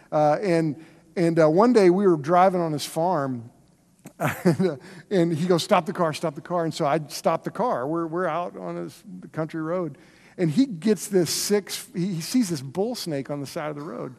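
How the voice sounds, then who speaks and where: A man preaching a sermon as pastor, telling stories in an animated, conversational way. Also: fairly high pitch. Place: church sanctuary. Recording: long reverb of a large hall.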